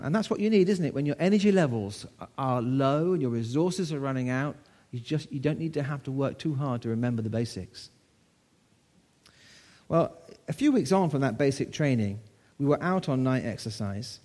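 A man's voice: medium pitch, a little mellow. A man in his sixties from the United Kingdom preaching a sermon to his church, telling a story in a conversational way with rhetorical questions.

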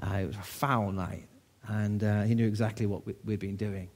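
A man's voice: on the low side, steady tone, normal speed, a little mellow. A man in his sixties from the United Kingdom preaching a sermon to his church, telling a story in a conversational way with rhetorical questions.

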